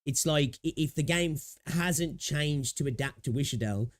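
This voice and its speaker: Reacting to a video during a livestream, a man offers casual commentary in a slightly high voice at a moderate pace. He rambles, thinks aloud, laughs without much prompting, and repeatedly asks "right?".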